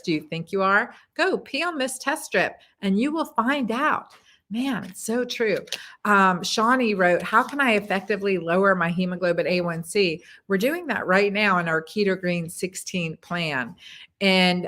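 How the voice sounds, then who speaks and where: A woman's voice: mid-range voice, fairly bright tone. A woman doctor hosting a casual live stream, answering viewers' comments in a chatty way, with plenty of fillers and repeated words. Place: home in Texas.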